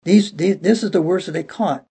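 Gravelly high-pitched male preacher. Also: normal speed, warm tone. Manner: emphatic, repeats "okay" and restarts phrases. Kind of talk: sermon, verse-by-verse Bible teaching.

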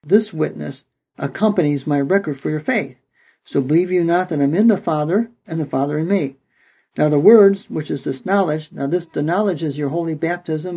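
A man preaching a Bible teaching, with a gravelly, husky voice that sits on the higher side. He reads scripture aloud and then unpacks it, peppering his explanations with "okay." The tone is dark and mellow rather than bright. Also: poor audio.

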